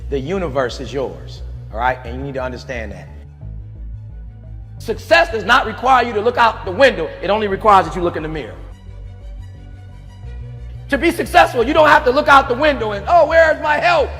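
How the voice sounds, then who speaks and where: A man preaching motivation, challenging his listeners and sometimes shouting. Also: high-pitched, lively intonation, a little fast, pauses often, big-room sound, soft background music. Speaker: motivational speaker. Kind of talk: motivational speech.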